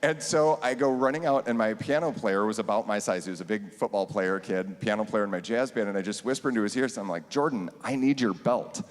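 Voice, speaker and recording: Lively man telling a teaching story. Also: lowish voice, quick pace, hardly any pauses, in a large hall. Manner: animated, laughing storyteller. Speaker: band teacher. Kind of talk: storytelling on a church panel.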